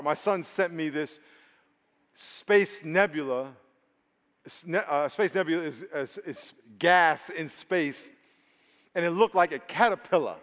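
A fairly high-pitched male pastor preaching in a big echoing hall. He shifts between low, confiding storytelling and loud, emphatic exhortation, and pulls his listeners into call-and-response. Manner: emphatic, swings from quiet storytelling to shouted exhortation; leads congregation call-and-response. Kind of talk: sermon.

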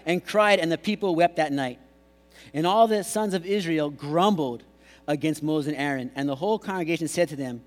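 Man, pastor, animated joking sermon, high voice, long hall echo. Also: fairly quick. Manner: animated, jokey preaching with mimicked voices.

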